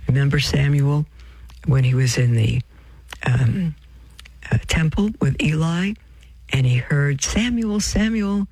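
Male preacher, gravelly and a little husky, reads a religious text aloud and drifts into asides, close dry sound. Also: medium pitch, slow, pauses often, darkish tone, no room sound, poor audio. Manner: addresses listeners as beloved, reads with off-script asides and self-corrections. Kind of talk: sermon reading from a text with asides.

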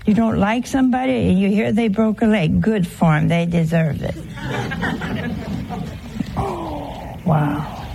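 A woman's voice: mid-range voice, a little fast, gravelly, few pauses, mellow, slight background noise, rough recording. A woman giving a homely, conversational sermon, teasing her listeners with rhetorical questions. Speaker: religious teacher.

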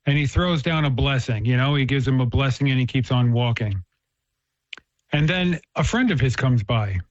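A man's voice: mid-range voice, moderate pace, dry recording. A man in casual conversation, earnestly explaining faith ideas and telling a story. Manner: earnest, storytelling, frequent restarts. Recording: dull, dry lo-fi recording.

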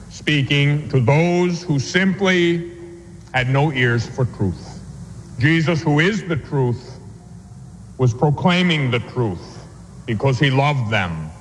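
A man teaching the catechism in a radio sermon, reading scripture aloud slowly and deliberately. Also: medium pitch, big-room sound, slight background noise, rough recording. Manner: slow, deliberate reading and preaching.

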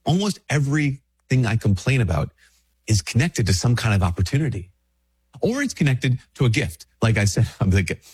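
A man's voice: medium pitch, very animated, normal speed, a little mellow, husky. A man, a priest, talking in a casual, conversational reflection while sick with a stuffy nose, acting out little dialogues and repeating himself as he goes.

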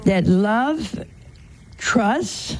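A woman's voice: mid-range voice, animated, very slow, darkish tone, a little hiss or hum. An older woman giving a sermon, chatty and teasing, with frequent laughs and asides. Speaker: religious teacher.

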